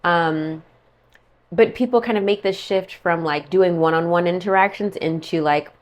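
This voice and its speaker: A woman's voice: on the low side, moderate pace. A woman giving a casual monthly tarot forecast, chatty and rambling, full of "like" and "okay" asides. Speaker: tarot reader.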